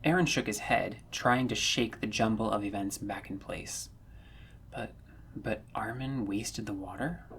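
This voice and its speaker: A man narrating a fan-written story, reading in a measured, earnest way that rises when the tension builds. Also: lowish voice, a little hiss or hum. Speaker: audiobook narrator.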